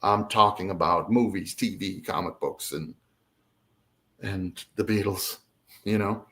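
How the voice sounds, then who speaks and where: A man telling a personal story as an interview guest, expressive and acting out the other voices. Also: low-pitched, unhurried. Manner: expressive, lively, acts out quotes. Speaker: guest, abductee. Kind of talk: animated storytelling.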